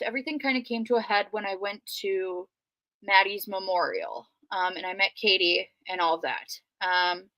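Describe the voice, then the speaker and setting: A woman with a Minnesota accent chats through her story in a loose, rambling way, dotted with ums. Her voice is bright and forward. The recording is dry and close to the mic. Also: medium pitch, dry recording. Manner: chatty, rambling, frequent ums. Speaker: guest. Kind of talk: casual livestream storytelling.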